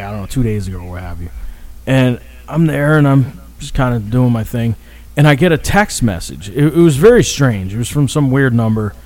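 A man's voice: medium pitch, a little mellow. A man telling a long story in casual chat, rambling, restarting sentences and swearing freely.

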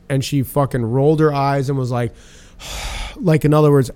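A man spins a long workplace story in loose, casual chat, swearing freely and talking bluntly. His voice sits at a middling pitch for a man. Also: brisk, few pauses. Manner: profane, blunt, animated storyteller.

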